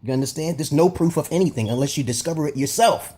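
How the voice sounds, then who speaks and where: A man's voice: on the high side, fast talker, warm tone, husky. A man giving a rambling, profane opinion monologue as a vlogger, emphatic and often checking "okay?" with his listeners. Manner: repeats and restarts phrases.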